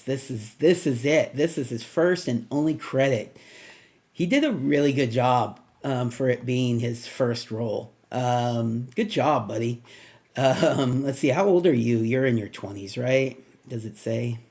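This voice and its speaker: A man's voice: mid-range voice, a little slow, darkish tone. A man talking casually on his own as a movie reviewer, rambling and thinking aloud with plenty of ums and asides.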